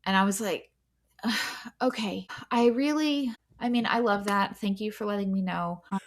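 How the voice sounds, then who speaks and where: A woman's voice: mid-range voice, moderate pace. A woman co-hosting a podcast, telling a story in casual chat, chatty and full of fillers, often breaking into laughter. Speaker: podcast co-host.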